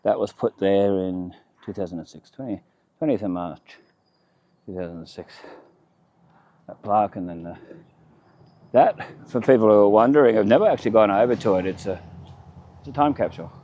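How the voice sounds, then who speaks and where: A man's voice: fairly low pitch, moderate pace, pauses often, dull audio. A man giving a rambling walking tour of his town, chatting in short self-correcting fragments as he walks outdoors. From Australia. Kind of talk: casual walking-tour commentary. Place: outdoors on town streets by a river.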